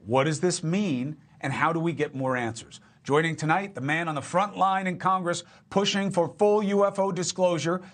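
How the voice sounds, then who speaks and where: A man's voice: fairly high pitch, fairly even intonation, normal speed, few pauses, fairly bright tone. A man hosting a cable news interview, asking punchy, emphatic questions. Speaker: TV news host.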